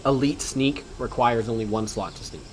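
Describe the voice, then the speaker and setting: A man's voice: medium pitch, normal speed, a little hiss or hum. Easygoing man explaining game rules. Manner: easygoing, thinks aloud with ums. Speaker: let's play host.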